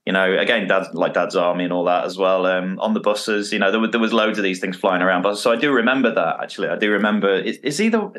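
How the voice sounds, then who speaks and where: A British man chatting on a podcast, lively and quick to act out the lines he quotes. His voice sits a little low. He talks casually and with plenty of energy. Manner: animated, acts out quoted lines. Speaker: podcast co-host. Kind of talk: casual chat.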